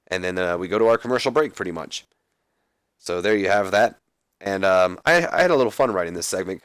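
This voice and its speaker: A man's voice: low-pitched, no echo. A young man casually recapping a wrestling game as a let's play host, rambling a little. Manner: casual, rambling, reads out scripted lines.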